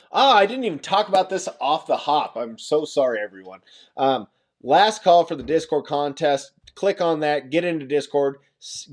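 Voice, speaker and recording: A man's voice: mid-range voice, a little mellow. A man hosting a casual livestream from Nebraska, chatting and joking with viewers as he reads the chat aloud. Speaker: livestream host.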